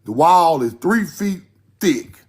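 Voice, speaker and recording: Slow, emphatic man lecturing over slides. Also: a little high, animated, husky. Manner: emphatic, repeats points, directs slides.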